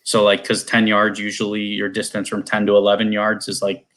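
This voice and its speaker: A man's voice: fairly low pitch, monotone, fairly quick, fairly bright tone. A man from Cleveland, a guest competition shooter, chatting in a loose, rambling, conversational way over a video call. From Cleveland, USA. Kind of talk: casual conversation.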